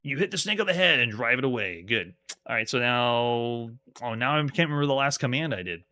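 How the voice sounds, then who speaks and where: Bright-voiced man streaming retro games. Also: mid-range voice, lively intonation, brisk. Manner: reads game text aloud, chatty asides to viewers. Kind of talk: live gameplay commentary.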